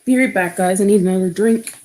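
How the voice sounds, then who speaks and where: A woman's voice: medium pitch, fast, warm tone, slight background noise. A woman hosting a casual livestream, talking frankly with many restarts, nervous laughs and swearing. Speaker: livestream host. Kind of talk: casual livestream chat reading comments.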